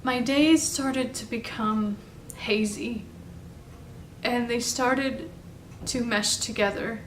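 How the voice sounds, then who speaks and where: A young woman telling a personal story in a halting, confessional way, at home. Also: a little high, fairly even intonation, recorded from a distance. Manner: halting, confessional, soft-spoken. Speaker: vlogger telling her story. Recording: roomy, off-mic, faint background noise.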